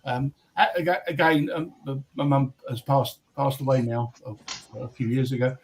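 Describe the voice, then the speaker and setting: Husky English man telling rambling stories. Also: mid-range voice, fairly even intonation, normal speed, rough recording. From England. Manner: rambling, hesitant storyteller with many ums. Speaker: guest. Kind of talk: casual chat.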